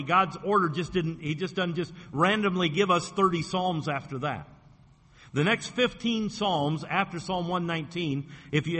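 A man preaching a Wednesday night sermon as pastor, slow and deliberate, stressing points with repetition. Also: fairly high pitch, pushed and bright. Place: church sanctuary. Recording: long church hall reverb.

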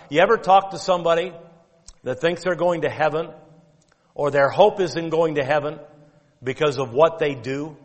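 A male pastor preaching a sermon with emphatic, drawn-out stress on key words and quotes of King James scripture. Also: on the high side. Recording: long reverb of a church hall.

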